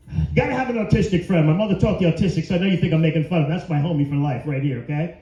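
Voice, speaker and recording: A man's voice: high voice, lively intonation, quick pace, dark tone. A middle-aged man doing a crude, brash stand-up set with crowd work in a comedy venue. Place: comedy venue before a live audience. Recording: roomy, dull live club recording.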